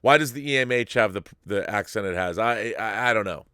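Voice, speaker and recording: A man hosting a live-stream show, reading viewer messages and riffing on them in a rambling, animated way with frequent restarts. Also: on the low side, fairly quick, clear, resonant tone, no echo, clean studio sound. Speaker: show host reading viewer super chats. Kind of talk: casual live-stream commentary.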